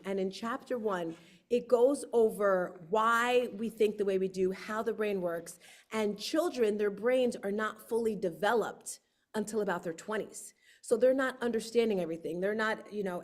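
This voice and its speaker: A woman hosting her book launch on a livestream, telling lively stories and acting out quotes. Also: mid-range voice. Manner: lively storyteller, acts out quotes. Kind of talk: casual livestream talk.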